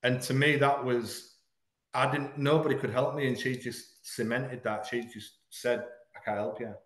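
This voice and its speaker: A man's voice: medium pitch, fairly even intonation, a bit bright. Frank man in an echoey room. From Hull, England. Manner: frank, earnest, halting at painful moments. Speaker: podcast guest. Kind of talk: candid personal storytelling in an interview.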